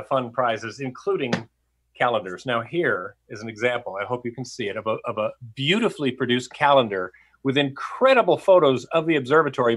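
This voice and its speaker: A man's voice: medium pitch, fairly bright tone, breathy edge. Man on a video call, winded, with a dry playful delivery. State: out of breath. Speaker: regular presenter running the music game. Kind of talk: casual live-stream presentation. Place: home studio.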